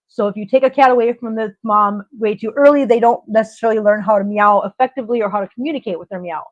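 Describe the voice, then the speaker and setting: A middle-aged livestream host with a fairly high, slightly mellow voice chats casually, telling stories and laughing often. The recording has a dull, lo-fi stream quality.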